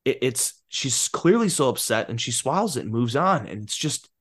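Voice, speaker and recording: With a medium-pitched, fairly bright voice, this podcast co-host gets very animated while discussing a film at a moderate pace. His talk is casual, broken by frequent laughter and restarted sentences.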